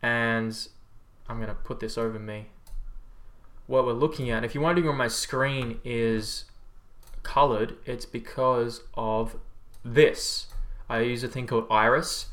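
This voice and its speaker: With a steady, fairly bright, medium-pitched voice at a measured pace, an Australian man chats casually on a livestream. A health coach and streamer, he reads viewer comments aloud, rambles in a laid-back way, and swears freely.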